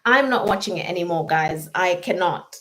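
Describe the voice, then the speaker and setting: A woman's voice: on the low side, expressive, normal speed, fairly bright tone. A British woman co-hosting a live chat stream, chatty and reading out viewer comments. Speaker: livestream co-host.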